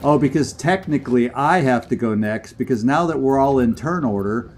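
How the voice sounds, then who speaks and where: A man streaming a video game, chatting and commentating as he plays, getting excited and laughing often. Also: medium pitch, normal speed, soft background music. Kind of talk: live gameplay commentary.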